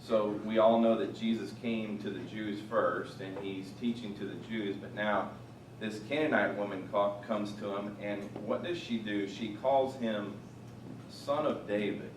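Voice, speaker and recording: A man teaching scripture with a lively, up-and-down delivery, loud on quotes and hushed on asides. His voice sits fairly low and comes from some way off the mic in a roomy, echoing space with faint ambience. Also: measured pace, far from the mic, noisy background. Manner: animated, rising loud on quoted lines, dropping quiet for asides. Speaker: Bible teacher. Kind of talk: teaching on a Bible passage.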